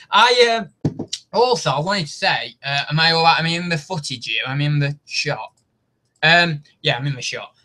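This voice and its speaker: A young adult male YouTube host chats casually on a live stream in a voice on the high side, pushed and bright. He rambles chattily and pokes fun at himself.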